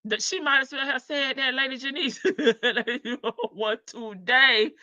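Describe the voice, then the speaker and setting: Woman livestream host, casual commentary, sassy with frequent laughs, slightly high voice. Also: steady tone, a little slow, bright, forceful tone, no room sound, dull audio. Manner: chatty, sassy, laughs often. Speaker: live-stream host.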